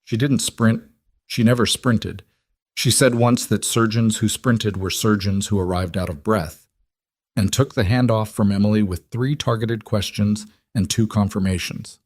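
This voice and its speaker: A man narrating a scripted story in a measured, steady delivery. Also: lowish voice, dry recording.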